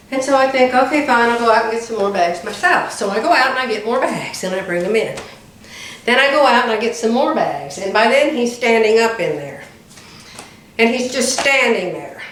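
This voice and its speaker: A woman in her seventies telling animated anecdotes to her viewers from home, laughing often. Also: a little high. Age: 70s. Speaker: quilting vlogger. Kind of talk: casual chatty storytelling to viewers. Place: indoors at home by the front door. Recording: very echoey room, distant mic, faint hiss.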